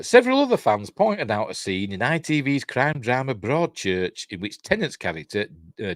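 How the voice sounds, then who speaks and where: A man's voice: fairly low pitch, dry recording, clean studio sound. An older man with a Yorkshire accent hosting a live-stream news show, reading entertainment stories aloud with chatty, rambling asides and self-mocking jokes.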